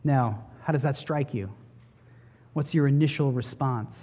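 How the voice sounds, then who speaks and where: A man preaching a sermon, building to emphatic peaks and dropping to quiet, soft lines. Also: medium pitch, measured pace. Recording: dull sound with long hall reverb.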